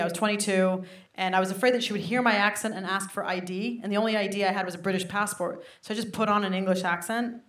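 A woman's voice: medium pitch, slight background noise. A woman doing a stand-up comedy set, telling self-mocking stories and talking straight to the crowd. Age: 30s. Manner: animated, self-mocking storytelling with frequent asides to the crowd. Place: comedy venue with a live audience. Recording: roomy live venue recording.

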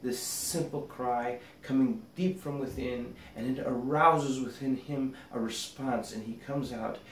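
A man, a rabbi, teaching a meditation by gently telling a parable. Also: medium pitch, fairly even intonation, unhurried. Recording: roomy echo, distant mic, faint noise.

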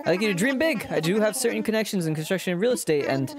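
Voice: mid-range voice, animated, racing, crowd noise, close to an everyday voice. A streamer doing Tom Nook, a chirpy raccoon businessman. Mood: businesslike. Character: cheerful raccoon businessman welcoming island settlers. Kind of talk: reading game dialogue aloud.

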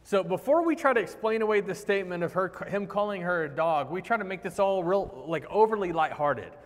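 A man preaching a sermon in a conversational, animated way, acting out the quoted lines. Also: high-pitched, a little fast. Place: church sanctuary. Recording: long hall reverb.

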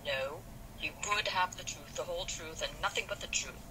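A proud, sulky young man from an old novel who defends himself indignantly, as a woman reads his lines aloud. The voice sits low for a woman and carries a clear hiss of background noise. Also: moderate pace, lightly acted. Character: male youth, proud and sulky.

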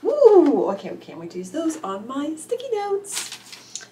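A middle-aged woman vlogging as an author YouTuber, gushing and squealing with excitement while unboxing gifts, teary-eyed. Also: high-pitched, unhurried. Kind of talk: unboxing vlog.

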